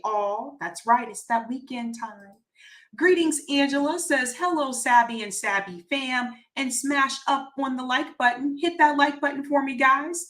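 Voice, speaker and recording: A woman's voice: fairly high pitch, fairly bright tone. Chatty woman host with a roomy echo. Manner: upbeat, chatty, laughs easily, greets viewers by name. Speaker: livestream show host. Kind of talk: casual livestream chat reading viewer comments.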